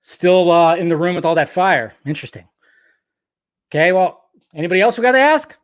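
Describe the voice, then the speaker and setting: A man's voice: sits high, lively intonation, brisk. A man giving casual film commentary as a vlogger, rambling and chatty, full of asides.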